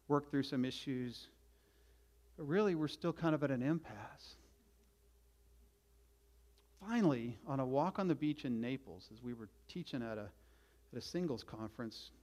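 A middle-aged man preaching a sermon as a pastor, earnest, swinging from loud urging to quiet, confessional passages. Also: medium pitch, moderate pace, long pauses.

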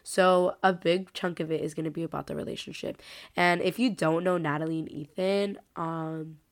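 A woman's voice: sits low, fairly even intonation, moderate pace. A young woman in her late teens, hosting her own podcast alone, chatting casually and rambling with lots of filler words while she is sick. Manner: rambling, heavy use of "like" fillers. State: sick, congested voice. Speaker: podcast host. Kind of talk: casual solo podcast chat.

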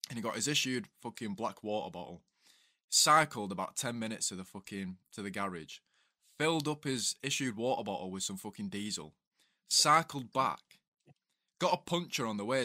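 Lower-pitched male co-host, bright tone, relaxed army banter. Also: no room sound, studio quality. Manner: laid-back, sweary army banter. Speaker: podcast co-host, ex-soldier. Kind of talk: casual chat.

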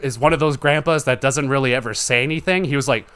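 A man's voice: medium pitch, quick pace, a bit bright, smooth. A young man hosting a solo gaming podcast, rambling casually with lots of swearing and "like" fillers. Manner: rambling, profane, heavy use of "like". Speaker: podcast host.

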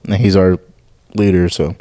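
Young dude on a podcast, lowish mellow voice, keeps laughing while he tells stuff. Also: level tone, moderate pace. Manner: laughs often while telling stories. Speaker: podcast co-host. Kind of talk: casual chat.

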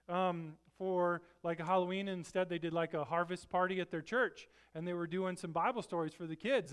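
A middle-aged pastor preaches with an easygoing, chatty manner, leaning on rhetorical "right?" asides. His voice sits notably high for a man. Every so often he pushes into loud, emphatic bursts. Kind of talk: sermon.

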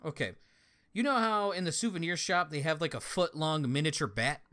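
A young man in casual chat, telling a story with lots of swearing and lively energy. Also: a little high, brisk. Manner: profane, animated storytelling.

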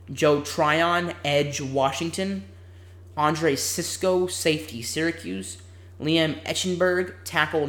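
A man's voice: a little high, fairly bright tone. Casual man reading a ranked list in an echoey room. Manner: casual, rambling asides between a list. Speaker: podcast host. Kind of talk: solo sports podcast, reading a draft ranking list.

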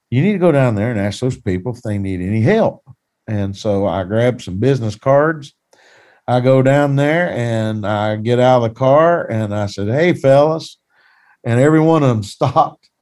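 A man's voice: medium pitch, darkish tone. A man who is a pastor, telling a personal testimony in a plain-spoken, folksy, earnest way.

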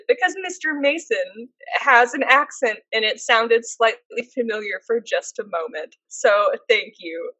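A woman's voice: on the high side, measured pace, pushed and bright, no room sound, low-quality recording. A woman co-hosting a podcast, chatting casually and telling stories with lots of fillers. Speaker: podcast co-host. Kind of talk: casual chat.

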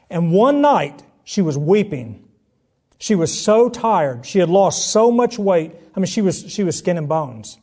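A middle-aged man preaching a sermon, telling a personal story and acting out the voices in it, swinging between hushed and loud. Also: sits high. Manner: dramatic storytelling, acts out quotes, swings between soft and loud.

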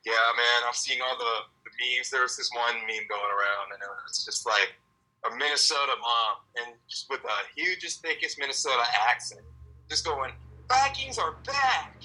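A man co-hosting a casual sports chat from his car, excitable and quick to laugh. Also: medium pitch, poor audio. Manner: excitable, laughs often, swears. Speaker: podcast co-host. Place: in a car on country roads.

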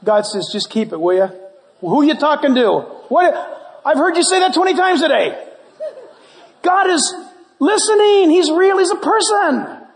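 A man preaching a sermon as pastor, animated and conversational with jokes. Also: very high voice, measured pace. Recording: long church hall reverb.

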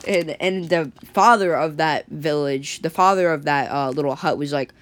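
A woman's voice: low-pitched, normal speed, hardly any pauses. A woman telling an improvised story in a rambling way, full of likes and restarts. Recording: faint background noise.

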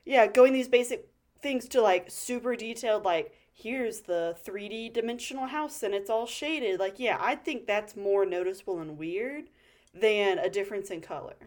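A woman co-hosting a relaxed podcast. She talks through her points bluntly and analytically. Profanity comes easily in her speech. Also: mid-range voice, moderate pace. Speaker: podcast co-host. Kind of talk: casual chat.

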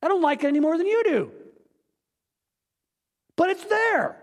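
Brief: male pastor, high animated delivery, earnest and blunt, echoey sanctuary. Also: moderate pace. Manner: earnest, candid, emphatic, with sudden drops to quiet. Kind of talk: sermon. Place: church sanctuary.

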